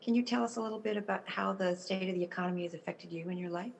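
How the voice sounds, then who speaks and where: A woman moderating, briskly introducing the next speaker on a video call. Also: mid-range voice, flat delivery, gravelly, a little hiss or hum, rough recording.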